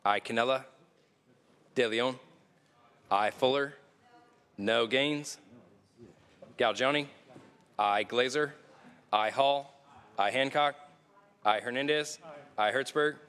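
Slow, measured male roll-call clerk. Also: medium pitch, fairly bright tone, clear, resonant tone. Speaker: legislative reading clerk. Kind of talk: calling the roll. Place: large legislative chamber. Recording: reverberant chamber audio.

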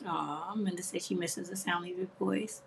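A woman's voice: lowish voice, fairly even intonation, a little slow, creaky, background noise. A woman hosting a craft livestream, chatting casually and affectionately with viewers, reading their comments aloud and laughing often.

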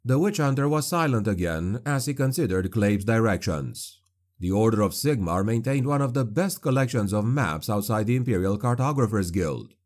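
A man reading a dark fantasy audiobook in a grave, measured narration. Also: on the low side, expressive.

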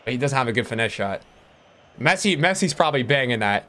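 Excitable young man streaming a game. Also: mid-range voice, fast talker. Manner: excitable, swears a lot, talks to chat. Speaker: gaming streamer. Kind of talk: casual gameplay commentary.

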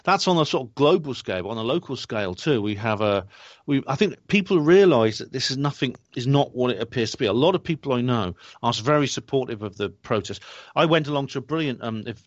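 Earnest male guest, halting speech full of fillers, dry muffled recording. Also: mid-range voice, expressive, no echo. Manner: earnest, hesitant, many fillers and restarts. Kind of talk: interview talk. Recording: dry dull lo-fi audio.

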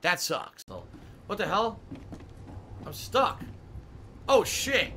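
A man's voice: high voice, huge pitch swings, slow pace, sharp tone, a little hiss or hum, rough recording. A man streaming a game live, commenting as he plays, often frustrated and swearing. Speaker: gaming streamer.

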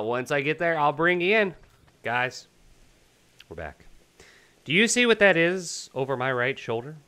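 A let's-play host giving casual gameplay commentary, excitable and talking to viewers and to the game animals. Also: mid-range voice.

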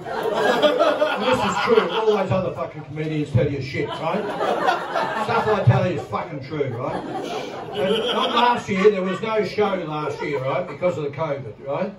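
A man's voice: high voice, lively intonation, a little slow, very noisy. A middle-aged Australian man doing crude, rambling stand-up comedy in a casino comedy room, swearing constantly and laughing at his own jokes. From Victoria, Australia. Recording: roomy live recording from a distance, loud crowd.

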